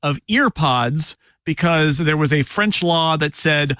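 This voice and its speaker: A wry, opinionated man on a podcast panel with a fairly high voice, talking in quick bursts. The sound is dry and close. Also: sharp tone, clean tone, no room sound. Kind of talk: casual panel chat.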